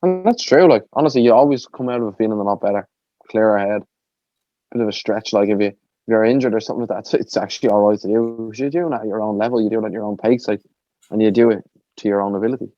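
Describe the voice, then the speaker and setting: A man's voice: fairly low pitch, fast talker, warm tone, no room sound, muffled recording. A man with an Irish accent, co-hosting a podcast in laid-back casual chat, saying "like" a lot. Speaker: podcast co-host.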